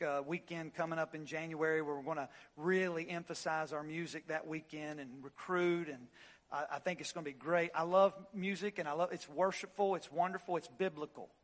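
A man preaching a sermon from the pulpit, repeating phrases and swinging from loud, impassioned peaks to low, quiet asides. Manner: repeats phrases for emphasis, "listen" and "y'all". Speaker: pastor. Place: church sanctuary.

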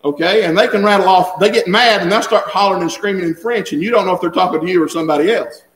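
A man delivers a sermon in an easy, conversational way. His voice sits fairly high, and he tends to chuckle and repeat himself as he talks. The sound is roomy, carrying the echo of a church sanctuary. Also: fast, a bit bright. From Southern United States. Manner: folksy, chuckles while talking, repeats words. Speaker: preacher.

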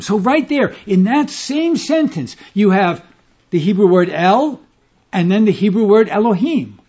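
A high-pitched man delivers an expository sermon, reading scripture in old formal wording and pressing hard on each key point. The recording is muffled and lo-fi, with the top end dulled. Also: lively intonation, measured pace, darkish tone, breathy edge. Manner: expository teaching, quoting scripture in formal King James phrasing; emphatic, stressing key words. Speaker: preacher.

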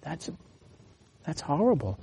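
A man's voice: on the high side, huge pitch swings, takes it slowly, vocal fry, mellow, a little hiss or hum. A man preaching a sermon as pastor, earnest and emphatic, with brief laughs and restarts. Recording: long hall reverb.

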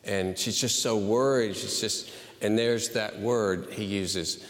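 A man's voice: lowish voice, fairly even intonation, big-room sound. A man preaching a sermon as pastor, earnest and emphatic in his delivery. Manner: earnest, emphatic, slow and deliberate.

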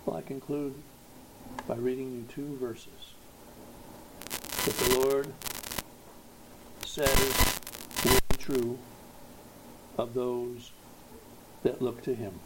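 A man preaching a sermon, slow and emphatic, rising to loud exhortation at its peaks. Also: medium pitch, fairly even intonation, background noise.

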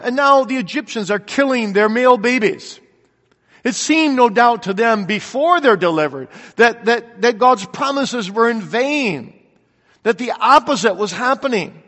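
A man preaching a sermon, earnestly asking rhetorical questions and swinging between loud declarations and quiet reflection. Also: sits high. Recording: long reverb of a large hall.

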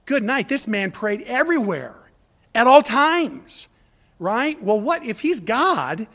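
Man, pastor, sermon, high-pitched voice, emphatic repetition, middle-aged. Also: very animated, takes it slowly, sharp tone. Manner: preaching with swelling emphasis and repetition.

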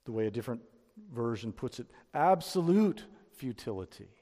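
A man's voice: mid-range voice, sing-song, normal speed, mellow. A man teaching a Bible lesson in sermon style, explaining step by step with frequent restarts. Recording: long reverb of a hall.

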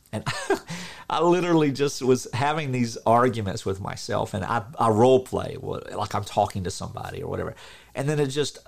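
A middle-aged man preaching an informal sermon, earnest and animated, acting out quotes with a laugh now and then. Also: fairly low pitch, gravelly.

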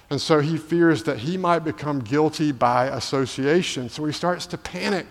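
A male pastor delivering a sermon, asking rhetorical questions and building to emphatic peaks. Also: fairly high pitch. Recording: long hall reverb.

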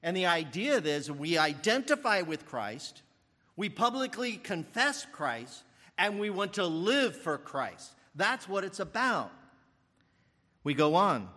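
Animated older preacher in echoing hall. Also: male voice, sits high, slow. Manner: animated, thinking aloud with fillers and restarts. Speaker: pastor. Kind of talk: sermon.

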